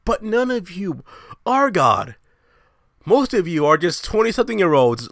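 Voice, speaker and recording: A young man hosting his own show, ranting in a brash, profane, animated way. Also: sits high, measured pace, no room sound, studio quality. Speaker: show host. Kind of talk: casual ranting monologue.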